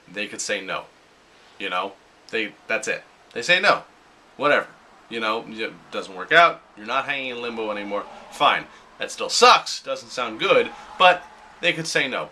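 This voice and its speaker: A man's voice: medium pitch, very animated, normal speed, pushed and bright, a little hiss or hum. A young adult man talking casually in a motivational vlog, often acting out his own inner voice. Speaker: vlogger.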